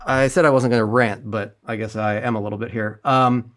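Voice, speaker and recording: A man's voice: medium pitch, steady tone, a little fast, fairly bright tone. A man co-hosting a podcast, recapping an episode in a casual, wry and sarcastic way, swearing now and then. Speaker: podcast co-host.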